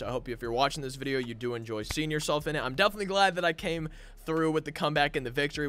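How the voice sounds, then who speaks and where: A young man commentating his own baseball video game, swinging between frustrated groans and loud hype. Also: medium pitch, smooth. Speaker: gaming channel host. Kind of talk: live gameplay commentary.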